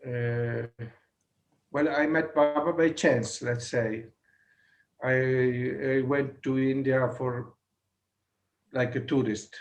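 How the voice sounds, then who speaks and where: Italian-accented man, 60s, slow and gravelly, halting storyteller on a video call. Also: medium pitch, fairly even intonation, lo-fi sound. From Italy. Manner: halting, with many fillers and restarts. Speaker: satsang guest. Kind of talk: personal storytelling.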